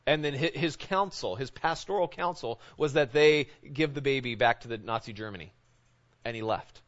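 Male pastor, conversational sermon, informal and halting, mid pitch, muffled lo-fi recording. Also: a bit bright. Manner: informal, halting, often asks "right?". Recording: dull lo-fi recording.

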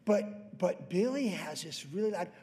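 A man preaching in a long-reverb hall, his voice pitched fairly high. He teaches verse by verse and swings between jokey pet stories and serious points. He drops into silly animal voices along the way. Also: animated, measured pace, mellow. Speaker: pastor. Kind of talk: verse-by-verse sermon.

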